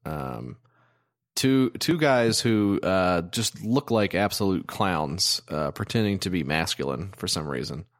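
Deep-voiced man rambling on a podcast. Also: expressive, a little slow. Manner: rambling, many ums and restarts. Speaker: podcast co-host. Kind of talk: casual chat.

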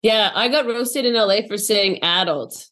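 A woman's voice: fairly high pitch, steady tone, a bit bright. A woman comedian, chatting casually as a podcast guest and sprinkling her talk with filler words. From Saskatchewan, Canada. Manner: chatty, lots of "like" fillers, quick asides.

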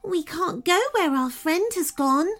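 A woman's voice: extremely high pitch, animated, measured pace, a bit bright, a little hiss or hum, pitched above the performer's own voice, exaggerated voice. A woman doing a worried little fairy.

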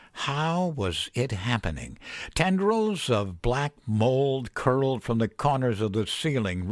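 A man narrating a scripted horror story in a slow, measured way. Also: fairly low pitch, no echo.

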